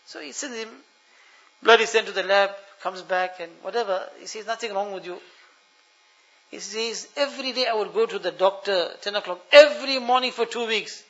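A male preacher with a high, bright voice tells a story and pleads earnestly with his listeners. He drops to hushed tones and then rises loud, and the recording sounds dull and lo-fi. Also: fairly quick. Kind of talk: sermon with storytelling.

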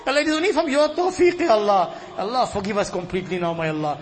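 A man's voice: high voice, very fast. Fervent man leading an Islamic supplication. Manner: fervent, rising to tearful pleading.

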